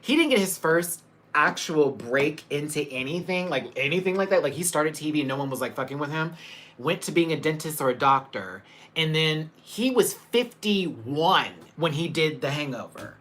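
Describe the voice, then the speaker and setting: Male streamer, animated and chatty with his audience, voice full of ups and downs. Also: on the high side, normal speed. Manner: animated, chatty, laughs often; reads out and greets viewers by name. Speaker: livestream host. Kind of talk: casual live chat with viewers.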